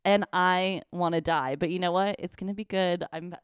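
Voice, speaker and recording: A young woman co-hosting a podcast, jet-lagged and chatting casually, animated and swearing freely. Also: on the low side, moderate pace, clear, resonant tone, no room sound, studio quality. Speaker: podcast co-host. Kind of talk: casual chat.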